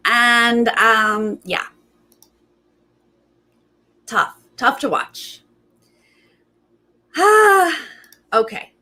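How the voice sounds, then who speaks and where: A woman talking casually as the host of a reality TV recap. She chats loosely and acts out quotes with big jumps in pitch. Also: expressive, a little slow, vocal fry, long pauses, sharp tone. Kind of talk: casual commentary.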